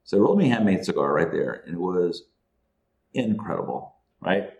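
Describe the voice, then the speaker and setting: Brief: deep-voiced male guest, loose profane storyteller, laughs through the telling. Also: very animated, fairly quick, gravelly, darkish tone, a little hiss or hum. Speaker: guest, entrepreneur. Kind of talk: casual storytelling.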